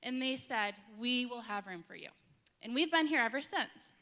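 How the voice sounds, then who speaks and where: A woman who directs a church's middle school ministry, telling a lively personal story to the congregation with a Midwestern American accent and acting out the dialogue. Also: a little high, moderate pace. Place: large church sanctuary. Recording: echoey hall, long reverb.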